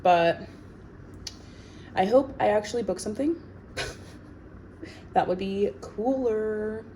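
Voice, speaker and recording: In her home kitchen, a woman actor bakes and chats casually, sassy and stuffing her talk with "like." Her voice is tired, low and sleepy, slow with a dark tone, and the low-quality recording carries a faint hiss or hum.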